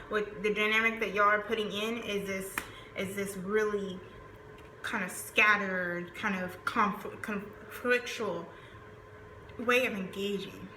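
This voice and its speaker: A woman's voice: mid-range voice, sharp tone. A woman with a Southern US accent giving a chatty, rambling tarot reading, full of fillers. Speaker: tarot reader. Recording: roomy echo, faint background noise.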